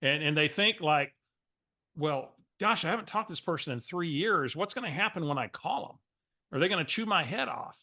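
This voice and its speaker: A man coaching, telling a lively story and acting out a phone call. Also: a little high, normal speed. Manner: animated storyteller, acts out phone calls.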